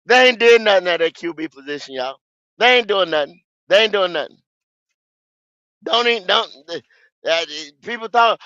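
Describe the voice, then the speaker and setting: A man, hosting a fan podcast, ranting in a profane, repetitive way with sudden shouts. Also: sits high, expressive, moderate pace, long pauses, no echo, muffled recording. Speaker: podcast host. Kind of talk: football fan podcast rant.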